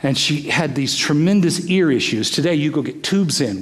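An older man preaching a sermon as pastor, emphatic, swinging from loud bursts to hushed near-whispers. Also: fairly high pitch, animated, moderate pace.

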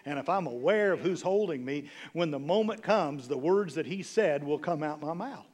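A pastor preaching a sermon to his congregation, swinging between loud exclamations and hushed, intimate lines, with casual asides. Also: fairly high pitch, expressive, moderate pace. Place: church sanctuary.

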